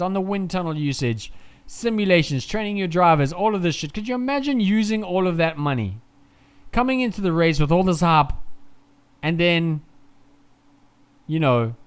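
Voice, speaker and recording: A young man streaming casual, rambling live race commentary. He swears freely, talks excitably and sounds groggy from too little sleep. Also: on the high side, clean tone.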